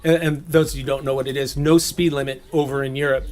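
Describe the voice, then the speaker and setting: A man from Southern California giving a relaxed, chatty sermon, laughing often and slipping into playful voices. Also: medium pitch, fast. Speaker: preacher. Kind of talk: casual sermon teaching. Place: gathering.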